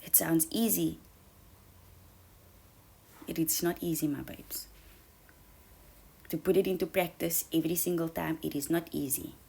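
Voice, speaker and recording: A woman giving an earnest motivational talk, coaching listeners and calling them babes, sometimes dropping to a soft whisper for emphasis. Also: deep voice, fairly even intonation, a little slow, gravelly, long pauses, breathy edge. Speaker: self-help speaker. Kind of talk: motivational monologue.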